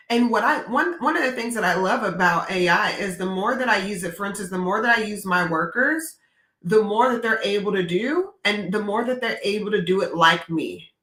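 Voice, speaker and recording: A woman's voice: medium pitch, bright, forceful tone. A woman presenting a webinar, talking directly and with energy, often checking in with "right?". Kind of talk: live webinar demo. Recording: echoey room.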